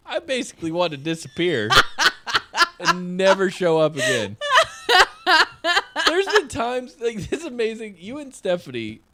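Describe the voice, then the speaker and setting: A young man co-hosting a casual podcast, playful and quick to giggle. His voice sits a little high and leaps around a lot, with lively swings in pitch. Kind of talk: casual chat.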